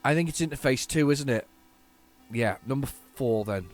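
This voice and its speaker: A man hosting a retro gaming channel, giving chatty, excitable gameplay commentary with jokey, self-mocking asides to his viewers. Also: medium pitch, moderate pace. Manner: excitable, chatty, talks to viewers while playing.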